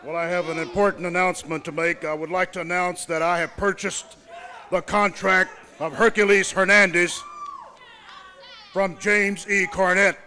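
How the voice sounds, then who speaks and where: A man's voice: sits high, level tone, moderate pace, sharp tone. A middle-aged man acting as a wrestling manager in a promo, boastful, commanding and threatening.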